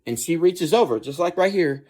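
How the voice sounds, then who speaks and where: A man telling a comic personal story casually, profane and animated, acting out scenes as he goes. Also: a little high, moderate pace.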